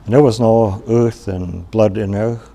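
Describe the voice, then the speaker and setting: Male storyteller from Wisconsin, low gravelly voice, mellow, unhurried oral telling. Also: fairly even intonation. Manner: unhurried, plain-spoken, with pauses and restarts.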